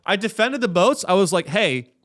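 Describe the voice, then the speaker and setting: A man's voice: high voice, big pitch swings, moderate pace, fairly bright tone. Profane, rambling comedic podcast host man. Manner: profane, rambling, with frequent restarts. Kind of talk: casual comedic rant.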